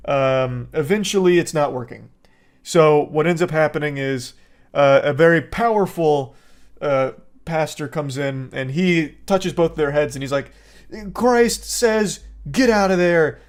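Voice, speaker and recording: A man's voice: fairly high pitch, unhurried. A man, an online movie reviewer, ranting in a sarcastic, exasperated and profane style. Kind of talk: casual ranting commentary.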